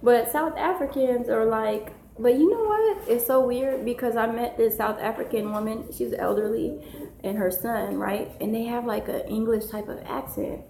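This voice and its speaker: Gravelly-voiced woman chatting on a live stream. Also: a little high, normal speed, warm tone. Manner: slangy, rambling, easily sidetracked. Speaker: live-stream host, mother. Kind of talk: casual live-stream chat, reading comments aloud. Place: home, with children nearby. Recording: echoey room with faint noise.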